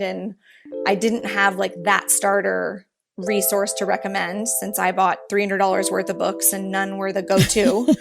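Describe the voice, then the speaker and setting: A woman in her thirties, a podcast guest, telling animated, rambling stories with quick restarts. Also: mid-range voice, gravelly, over music. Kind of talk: casual interview storytelling.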